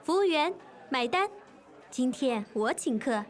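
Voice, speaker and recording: A woman's voice: sits high, expressive, a little slow. A woman acting a young diner in a scripted lesson dialogue, politely insisting on paying the bill. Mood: insistent. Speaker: dialogue actor.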